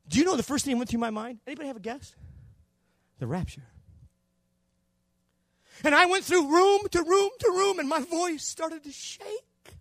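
An older man preaching a Pentecostal sermon, telling a story and acting out the dialogue, going from hushed to shouting. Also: extremely high pitch, animated, normal speed, long pauses, dry recording, studio quality. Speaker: pastor.

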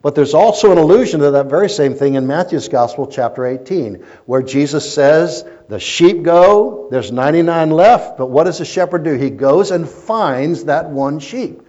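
A man preaching a sermon as a pastor, telling stories and swinging between loud emphasis and quiet asides. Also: fairly high pitch, animated, normal speed, few pauses. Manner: storytelling preacher, rising and falling in intensity. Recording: muffled lo-fi recording.

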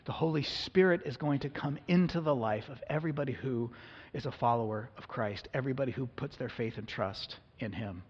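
A man's voice: mid-range voice, fairly quick, breathy edge. A man preaching a sermon in a church, reading scripture and explaining it in an earnest, conversational way. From United States. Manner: earnest, conversational, acts out the people in the passage. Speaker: pastor. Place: church sanctuary. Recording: long hall reverb, dull lo-fi sound.

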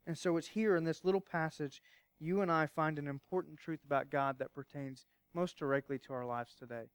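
A man pastor preaching a sermon, emphatic at times and hushed at others, asking rhetorical questions. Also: a little high, clear, resonant tone, no room sound.

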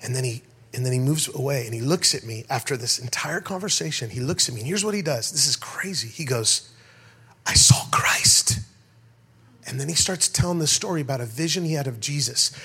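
A middle-aged pastor giving a sermon, telling stories in an animated way and calling out to his congregation. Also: medium pitch, quick pace, hardly any pauses, breathy edge. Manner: animated storyteller, rhetorical calls to the crowd. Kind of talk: sermon with storytelling.

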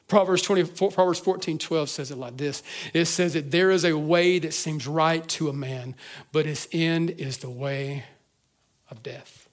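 A pastor preaching a sermon to his church, earnest, moving between hushed reflection and fervent emphasis with frequent restarts. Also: a little high, measured pace. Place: church service.

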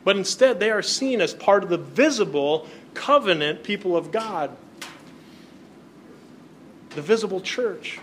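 Preacher man with a higher voice. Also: expressive, a little slow, pauses often, a little hiss or hum. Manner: reads scripture aloud, then explains it to the congregation. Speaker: pastor. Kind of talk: sermon.

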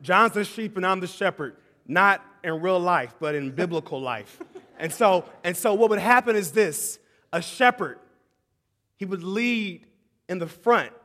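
Animated preacher man in a reverberant hall. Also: high voice, a little slow. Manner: swings from shouting excitement to hushed, tender tones; calls out to the audience as "y'all". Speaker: pastor. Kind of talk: sermon.

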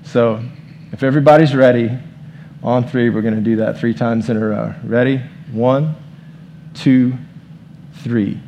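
Pastor, man, mid-pitched, casual sermon delivery, light background hiss. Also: steady tone, moderate pace, vocal fry, dark tone, dull audio. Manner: informal, leads the room in prayer. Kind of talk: conversational sermon.

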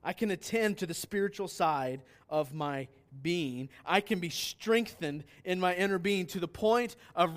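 A man preaching a sermon as pastor, asking rhetorical questions and swinging between loud declarations and quiet asides. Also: high voice, smooth.

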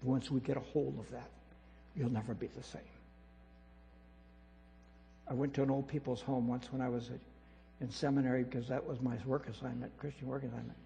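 A man preaching a sermon as pastor, emphatic and repetitive, swinging between loud declarations and quiet asides. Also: mid-range voice, little pitch movement, fairly quick, creaky, pauses often, lo-fi sound. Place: church sanctuary. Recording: reverberant hall with mains hum.

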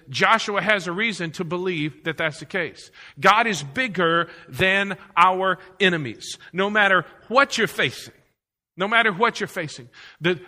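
A man preaching from the pulpit with a high, piercing, very bright voice. He drives his points home by repeating them and throws questions out to the congregation. His voice carries a long reverb tail through the church hall. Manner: repetitive, emphatic preaching with rhetorical questions to the congregation. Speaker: pastor. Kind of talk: sermon.

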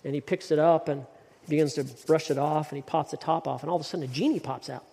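A man's voice: a little high, steady tone, quick pace, creaky, mellow. A man preaching a sermon as pastor, emphatic, often repeating words as he builds his point. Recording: long hall reverb.

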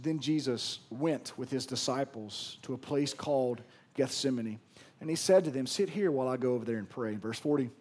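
A man preaching a sermon as pastor, casual and conversational, swinging from loud emphasis to hushed, quiet lines. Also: medium pitch.

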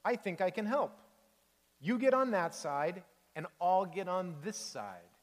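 A man voicing a polite, gentle male octopus in a read-aloud storybook, in a reverberant hall. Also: high-pitched, expressive, unhurried, voice pushed up. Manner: polite, proper phrasing.

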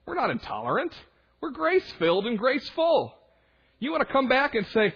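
High-voiced young preacher, husky and lo-fi. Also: male voice, huge pitch swings, normal speed. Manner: conversational preaching with quoted voices and asides. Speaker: young adult minister. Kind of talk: sermon.

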